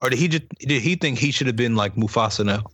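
A man's voice: medium pitch, quick pace, fairly bright tone, slightly rough, no echo. A young man co-hosting a podcast, joking and teasing in casual banter. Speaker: podcast co-host. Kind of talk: casual chat.

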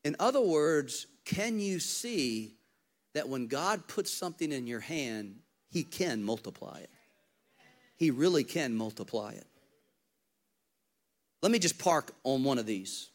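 A male pastor preaching an energetic, humorous sermon, telling Bible stories and swinging from loud, high calls to hushed, intimate stretches. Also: unhurried, long pauses.

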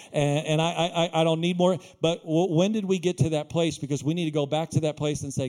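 A man with a high-pitched voice preaches a sermon in a small church. He is animated and jokey, and he acts out the lines he quotes. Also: brisk. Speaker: pastor.

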